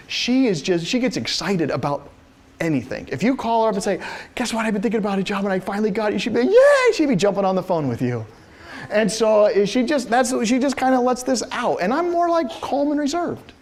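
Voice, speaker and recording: A middle-aged man giving a classroom lecture, telling personal stories and acting out the voices in them with frequent laughter. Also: high-pitched. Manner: animated storyteller, acts out quoted voices, laughs often. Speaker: university lecturer.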